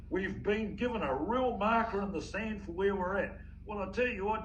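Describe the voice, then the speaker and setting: A man's voice: sits high, moderate pace, few pauses, a little hiss or hum, rough recording. A man, a former rugby player giving a heated interview, frustrated and stumbling over restarts. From New Zealand.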